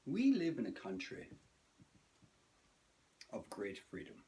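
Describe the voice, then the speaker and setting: A man narrating a scripted comedic video essay with dry, sardonic, self-mocking timing and theatrical pauses. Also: fairly low pitch, wildly swooping pitch, dark tone.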